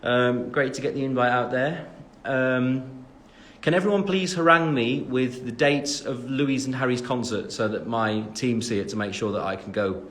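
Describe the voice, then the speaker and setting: A twenty-something Englishman rambles on a phone livestream, answering fan comments in a mid-range, slightly bright voice at a moderate pace. He uses plenty of fillers and jokes at his own expense, laughing at himself.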